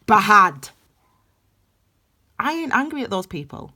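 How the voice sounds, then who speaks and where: Fiery, bright-voiced woman tarot reader. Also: on the high side, expressive, unhurried. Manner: passionate and blunt, swings from loud emphasis to hushed intensity. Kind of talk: intuitive tarot reading, spiritual pep talk.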